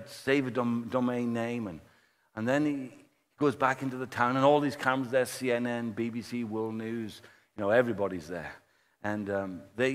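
A man preaching a sermon, telling a story in a lively way and acting out the people he quotes. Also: medium pitch. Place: church hall. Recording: long church-hall reverb.

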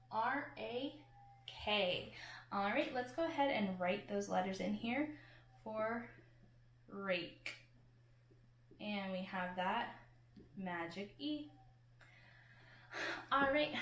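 A woman's voice: a little high, fairly bright tone. A woman teacher giving a patient phonics lesson to children, sounding out words and letters one at a time. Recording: echoey room.

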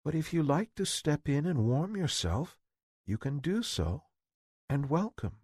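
A man voicing a good-natured young girl, speaking softly and kindly in a slightly raised voice. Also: a little high, very animated, measured pace, husky, no room sound, clean studio sound, pitched above the performer's own voice, heavily acted. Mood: gentle. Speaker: storybook figure.

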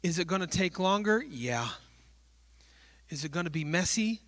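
Bright-voiced preacher telling lively stories. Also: male voice, high voice, normal speed, no room sound. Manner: animated storytelling, acting out little dialogues. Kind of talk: sermon. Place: church.

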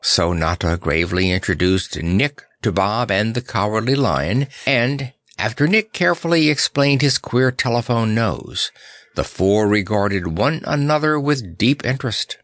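Male audiobook narrator, slow and lively in pitch, dry close sound. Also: dry recording. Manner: measured, expressive storytelling. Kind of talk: scripted narration.

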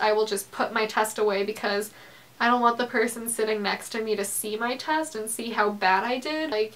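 A woman's voice: on the high side, fairly bright tone. Earnest teenage girl vlogging. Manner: earnest, fillers of "like". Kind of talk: candid confessional vlog.

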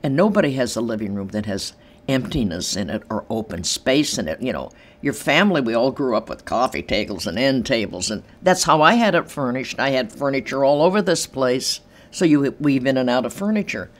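An older woman telling stories in an interview from her apartment, animated and acting out the voices of others. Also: very deep voice, fairly quick. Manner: animated, acts out quoted voices, laughs easily. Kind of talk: storytelling in an interview. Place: large empty room in her apartment.

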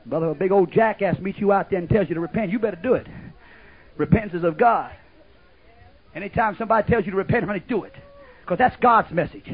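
A man's voice: sits high, fast talker, slightly rough. Fervent preacher man, old muffled tape. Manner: fervent preaching, swings from shouts to hushed asides, laughs often. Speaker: pastor. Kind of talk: sermon.

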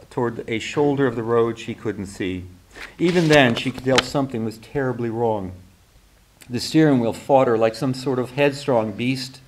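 A man, an author and teacher, reading literary fiction aloud in a measured, even way, now and then restarting a phrase. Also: medium pitch. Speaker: author and faculty member.

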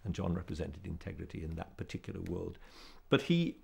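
A man speaks in a deliberate, measured interview manner. His voice is very deep, gravelly and husky. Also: expressive, mellow.

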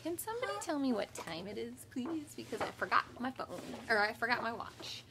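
A woman in her thirties, a kindergarten teacher, reading a picture book aloud to children with lively voiced storytelling, then leading a home class. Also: fairly high pitch, brisk, background noise.

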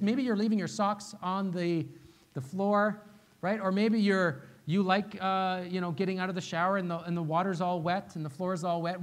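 A man who is a pastor, preaching a sermon in a conversational way, repeating key phrases and often checking in with "right?". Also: high voice. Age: young adult to middle-aged, father of a little one. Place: church sanctuary.

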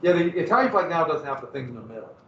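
A man's voice: on the high side, very animated, rapid-fire, slight background noise. A male teacher chatting casually and rambling to his class in a classroom. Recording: echoey room, far from mic, muffled.

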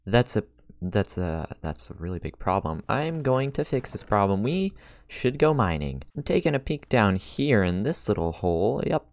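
A man hosting a game let's play, chatting casually to viewers and getting easily excited, with gasps and frequent laughs. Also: on the low side, moderate pace. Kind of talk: casual gaming commentary.

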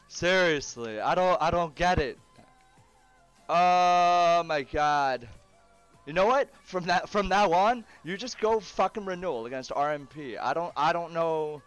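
A man's voice: on the high side, animated, unhurried, a bit bright, smooth, no echo, soft background music. A man streaming a game live, swearing, groaning in frustration and laughing between outbursts. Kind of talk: live gaming stream chatter.

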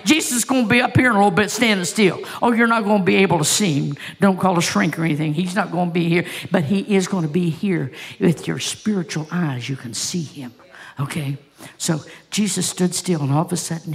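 A woman's voice: fairly low pitch, gravelly. A woman pastor preaching a sermon, telling stories with passion and asking the congregation rhetorical questions.

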